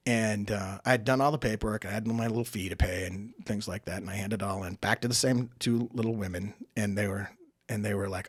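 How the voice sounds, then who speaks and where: A man's voice: on the low side, fairly quick, a bit bright, husky, no echo, studio quality. A man being interviewed on a podcast, telling a story in a chatty, casual way, acting out the dialogue and often tagging sentences with "right?". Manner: chatty, acts out quoted dialogue, frequent "right?" tags. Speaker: podcast guest, political candidate.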